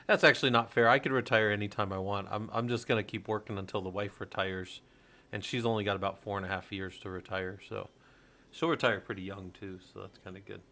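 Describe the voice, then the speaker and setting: A middle-aged man streaming in relaxed, rambling chat, swearing freely as he talks to viewers. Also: lowish voice, brisk. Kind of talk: casual livestream chat.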